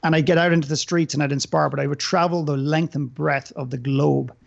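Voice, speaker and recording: A man's voice: fairly high pitch, fairly even intonation, brisk, gravelly, highs cut off. An Irish man, a podcast guest, speaking earnestly and inspirationally, often repeating words as he builds a point. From Ireland. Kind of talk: inspirational interview talk.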